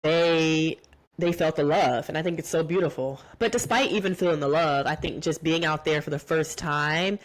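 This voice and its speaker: Low-voiced woman hosting a chatty podcast. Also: moderate pace. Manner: chatty and heartfelt, many "like"s and restarts. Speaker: podcast host. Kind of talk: casual solo podcast recap.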